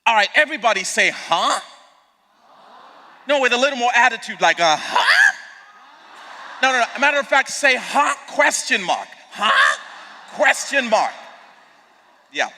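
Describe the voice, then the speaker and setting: A man preaching a playful, lively sermon to a youth conference, joking and prompting the crowd to answer back. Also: extremely high pitch, normal speed, pauses often. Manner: playful, jokey, prompts the audience to respond. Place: large conference hall, live event. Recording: long reverb of a large hall.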